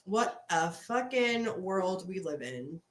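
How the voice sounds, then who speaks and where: A woman's voice: fairly low pitch, slow. A woman hosting a casual reaction livestream, talking bluntly and swearing freely. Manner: blunt, profane, animated. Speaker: livestream commentary host. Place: home, Boston.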